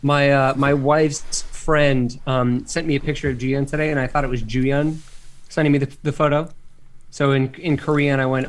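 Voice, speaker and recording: A man in his thirties co-hosting a casual comedy chat, rambling and animated as he tells stories. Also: medium pitch, normal speed. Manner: rambling, animated storytelling with frequent laughs. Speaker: podcast co-host.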